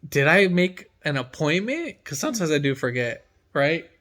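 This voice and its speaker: A man's voice: on the high side, sing-song, normal speed, a bit bright. A man who works as a mechanic from home, telling a story in casual chat and acting out his own reactions with energy.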